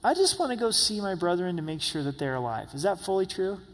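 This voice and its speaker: A man's voice: high voice, big pitch swings, fast talker. Man preaching in a reverberant hall. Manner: preaching with emphatic rises, voicing God and Moses in quotes. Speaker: pastor. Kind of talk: sermon.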